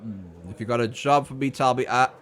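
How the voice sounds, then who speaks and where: A man streaming a game with casual commentary, reacting loudly and laughing while chatting with viewers. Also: mid-range voice, fairly quick.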